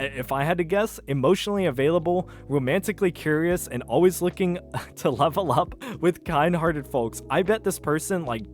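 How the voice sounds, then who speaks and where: A young man hosting reaction commentary, sarcastic and incredulous, with laughing asides as he reads posts aloud. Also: fairly high pitch. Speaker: commentary host.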